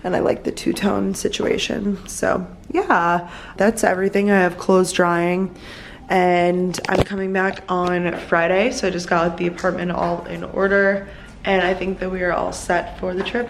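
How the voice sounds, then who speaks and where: A woman in her twenties, vlogging in a chatty, excitable way, full of "like", filmed at arm's length indoors. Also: lowish voice, normal speed, creaky, background noise. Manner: chatty, lots of likes, easily excited. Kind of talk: casual chat to camera. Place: apartment and hotel room, indoors.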